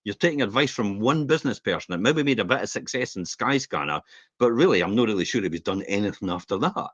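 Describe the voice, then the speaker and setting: A Scottish man hosting a podcast, talking in an opinionated, animated way with a low, husky voice. His pitch swings widely as he makes his points. The sound is dull and dry, like a lo-fi podcast recording. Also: fast, no room sound. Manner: opinionated, animated, laughs while ranting. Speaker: podcast host. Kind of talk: casual podcast chat.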